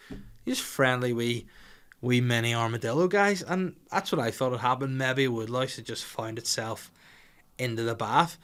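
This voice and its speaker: A man's voice: medium pitch, lively intonation, brisk, fairly bright tone. A man, a comedian hosting a podcast, telling a rambling, sweary comic story.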